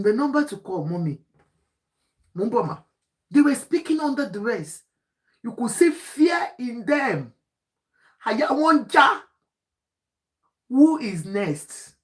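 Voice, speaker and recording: A Nigerian woman giving impassioned commentary, pleading and breaking into shouts. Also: mid-range voice, rough recording. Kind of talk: emotional commentary.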